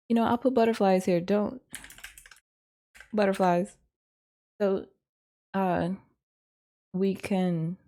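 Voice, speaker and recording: A woman's voice: on the low side, mellow. A woman teaching a casual lesson, thinking aloud in a rambling, hesitant way with frequent ums and self-corrections. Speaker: course instructor.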